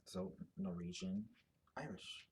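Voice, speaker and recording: Taking it slowly, a man thinks aloud about genetic ancestry in a casual monologue, with slight background noise behind him. He rambles through his explanation with plenty of fillers and restarts.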